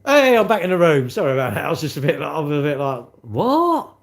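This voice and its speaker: A man chatting on a live stream, his pitch jumping around as he rambles. His banter is cheeky and loose as he answers viewers one by one. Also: very animated, very fast, vocal fry. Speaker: livestreamer reading chat. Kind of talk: casual live-stream chat.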